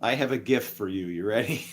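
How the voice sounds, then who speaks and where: A man's voice: fairly low pitch, fairly quick. A man talking casually on a live stream, rambling from story to story and chuckling often, with preachy asides. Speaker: livestreamer.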